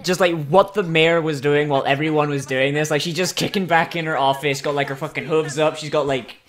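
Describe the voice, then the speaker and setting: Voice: mid-range voice, fairly even intonation, a little fast, fairly bright tone. A commentator giving casual, profane, sardonic reactions while watching a cartoon at a desktop computer. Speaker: video reactor.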